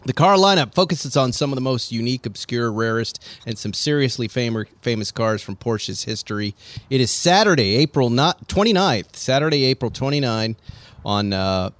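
Animated man telling a car story. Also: mid-range voice, moderate pace, no room sound. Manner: animated storyteller acting out quoted voices. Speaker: podcast co-host. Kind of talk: casual chat, storytelling.

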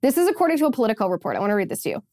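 A woman's voice: a little high, huge pitch swings, rapid-fire, a little mellow, no room sound. Woman podcast host, pointed and sarcastic, dry studio sound. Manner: emphatic, sarcastic, repeats phrases. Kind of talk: opinion commentary.

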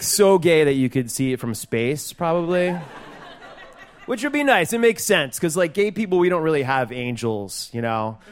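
A man's voice: mid-range voice, clear, resonant tone. A man doing stand-up comedy, rambling and giggly, full of fillers.

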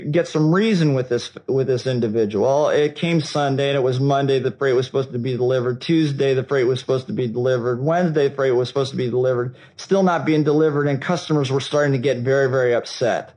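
A man giving a storytelling talk at a seminar, animated and acting out the dialogue, with frequent restarts. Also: mid-range voice, fairly quick, poor audio. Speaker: seminar speaker.

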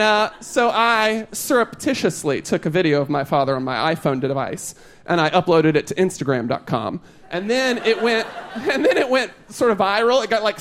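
A man's voice: sits high, a bit bright. A young adult man performing a stand-up comedy set on stage before a live audience, with chatty, rambling storytelling full of asides.

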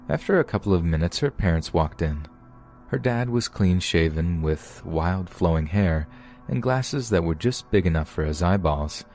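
A man with a very low, deep voice narrates a true horror story in a steady, measured way. His reading is scripted and even. Faint music plays underneath. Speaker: podcast narrator.

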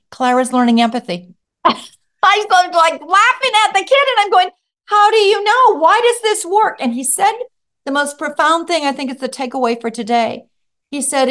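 A middle-aged woman who used to teach, a guest on a podcast interview, telling stories in a lively way and acting out what children said. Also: mid-range voice. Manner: animated storyteller acting out children's voices. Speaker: guest author and former teacher.

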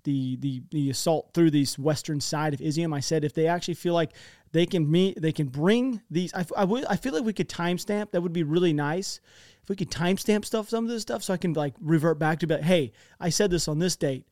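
American man, talky map commentator, slightly high voice, dry close sound, rambles and restarts. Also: fairly quick, darkish tone, no echo. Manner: rambling, chatty, many restarts. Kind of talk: casual commentary over maps.

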